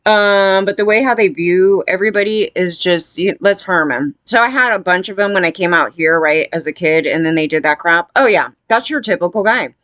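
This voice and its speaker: A woman's voice: fairly low pitch, steady tone, moderate pace, few pauses, a bit bright, no room sound. A woman giving casual, blunt commentary, rambling with lots of fillers and sounding disgusted.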